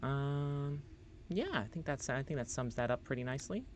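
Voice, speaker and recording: A man's voice: medium pitch, normal speed, slight background noise. Rambling man streaming a role-playing game. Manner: rambling and loose, swears casually; reads game text aloud. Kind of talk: casual gameplay commentary.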